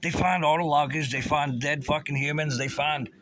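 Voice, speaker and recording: A man's voice: on the high side, steady tone, moderate pace, a bit bright, a little hiss or hum. A man from the Pittsburgh area, delivering an agitated, sarcastic, profane rant and stumbling over his restarts. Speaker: vlogger.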